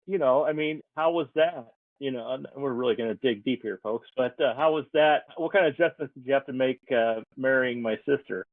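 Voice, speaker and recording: A man's voice: medium pitch, fairly quick, no room sound. A folksy male podcast host asks questions in a joking, loose way, full of fillers. His voice comes through a tinny, phone-like line. The sound is dry and close. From ranch in the Nebraska Sandhills. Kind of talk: casual podcast chat.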